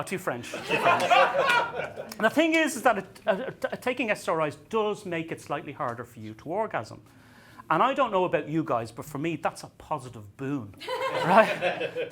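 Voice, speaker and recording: A man's voice: fairly high pitch, pushed and bright, slight background noise. A man performing a stand-up comedy set on a venue stage, self-deprecating, with stammering restarts and acted-out dialogue.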